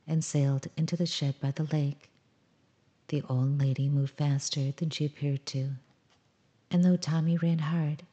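A woman reading a children's story aloud in a calm, measured storybook style. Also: deep voice.

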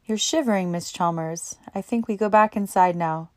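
A woman voicing a quiet, heavy-set middle-aged man who speaks softly and formally. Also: mid-range voice, moderate pace, no echo, clean studio sound, lightly acted. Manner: quiet, soft-spoken, formal.

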